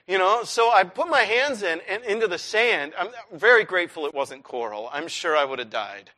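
A man preaching a sermon, telling a personal story with lively swings from hushed to shouted. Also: high-pitched, moderate pace, few pauses.

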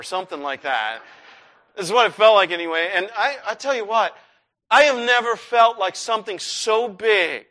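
A man preaching a sermon, telling a personal story with lively swings from hushed to shouted. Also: high voice.

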